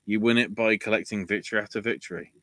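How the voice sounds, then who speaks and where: A man's voice: lowish voice, fairly even intonation, fast talker, a bit bright, no echo. A man hosting a podcast, recapping casually, ranting and swearing, his voice jumping up when riled. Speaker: podcast host.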